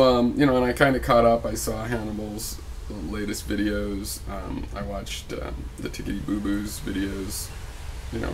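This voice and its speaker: A man's voice: mid-range voice, a little hiss or hum. A man giving a casual spoken video reply, rambling with many fillers and restarts and growing heated and argumentative. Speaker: video blogger.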